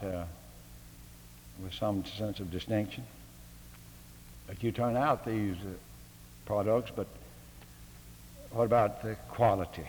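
A man's voice: fairly low pitch, unhurried, pauses often, a little mellow. An older man, giving a homespun, humorous address to a seminary faculty, full of fillers and rhetorical questions. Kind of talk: folksy sermon-style address. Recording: long hall reverb.

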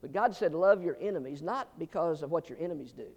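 A man voicing God, blunt and low. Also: lively intonation, quick pace, in a large hall. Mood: calm, frank. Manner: blunt, plain-spoken, gently teasing. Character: God, a calm, frank male voice.

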